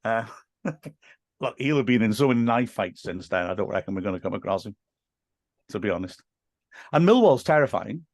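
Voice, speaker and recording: A man's voice: on the low side, expressive, moderate pace, pauses often, a little mellow, dry recording, studio quality. A man who commentates on football, telling self-deprecating stories in a casual podcast chat and laughing often. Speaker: English teacher.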